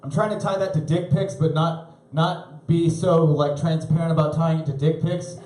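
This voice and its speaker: A man in his thirties doing live stand-up comedy on a club stage, rambling and self-deprecating, with halting restarts. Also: fairly high pitch, fairly even intonation, a little mellow. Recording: roomy live club recording.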